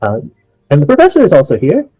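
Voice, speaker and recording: A man lifting his voice into a polite young scholar woman, gentle and a little halting. The tone is mellow. The recording is dull and dry. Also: a little high, wildly swooping pitch, dry recording, soft background music, voice pushed up.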